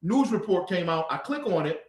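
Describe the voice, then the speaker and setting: A man's voice: sits high, animated, normal speed, echoey room. A man teaching a livestreamed scripture class, lecturing emphatically with rhetorical questions.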